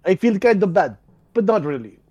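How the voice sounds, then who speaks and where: A man with a noticeably high voice riffing on a movie with friends. He drops dry, deadpan one-liners. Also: fairly quick, dull audio.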